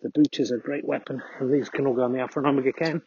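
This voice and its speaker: A man's voice: mid-range voice, fairly even intonation, rapid-fire, a little mellow, husky, dull audio. A man hosting a podcast, rambling dryly and mocking himself while walking his dog outdoors. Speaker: podcast host. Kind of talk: casual walking monologue.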